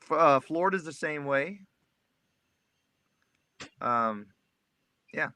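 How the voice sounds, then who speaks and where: A man's voice: fairly high pitch, expressive, slow pace, sharp tone, no echo. A man in his forties with a Texas accent, talking candidly and joking in a casual group chat. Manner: candid, joking, restarts often.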